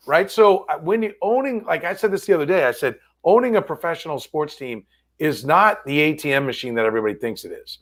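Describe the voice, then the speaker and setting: A man's voice: on the high side, lively intonation, fast. A man hosting a sports podcast, chatting casually and rambling through stories with many restarts. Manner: rambling, self-correcting storyteller. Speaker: sports radio host. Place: studio.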